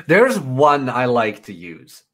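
A man's voice: mid-range voice, wildly swooping pitch, takes it slowly, a bit bright. A man with a British-ish accent co-hosting a casual podcast chat, bantering in a dry, laid-back way. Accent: British-ish foreign English. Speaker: podcast co-host.

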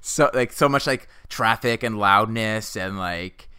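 A young man co-hosting a casual chat, pitching a silly movie sequel, laughing often and acting out the characters he quotes. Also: unhurried, pushed and bright, clear, resonant tone, no room sound, clean studio sound. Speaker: podcast co-host.

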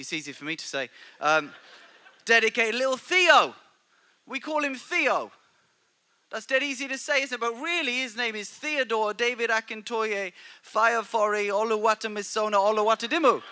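A middle-aged male pastor preaching a sermon in a church, animated and joking, with stammered restarts. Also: high voice, clear, resonant tone.

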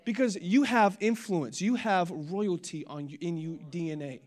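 Young male pastor, high-pitched, energetic sermon delivery. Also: normal speed. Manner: energetic preaching that builds to loud declarations, with humorous storytelling.

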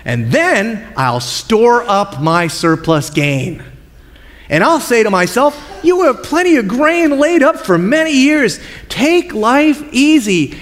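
A greedy rich man, acted out by a preacher, frets and stammers through his plans to hoard. The voice sits high and swoops about. A long hall echo trails behind it. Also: big pitch swings, takes it slowly, a bit bright, heavily acted. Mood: scheming. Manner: rambling, stammering self-talk. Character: greedy rich man planning bigger barns, anxious and hoarding.

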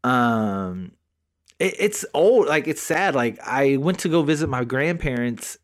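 A man in his thirties co-hosting a podcast, telling stories in a slangy, animated way and acting out quotes. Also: medium pitch, measured pace. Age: 30s. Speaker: podcast co-host. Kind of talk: casual storytelling chat.

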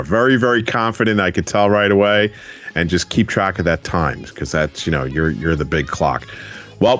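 A man hosting a radio interview show, asking children encouraging follow-up questions from a studio. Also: on the low side.

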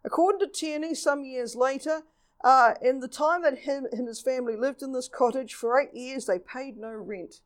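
A woman giving a lively local history talk, reading old newspaper reports and acting out quotes. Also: high voice, normal speed.

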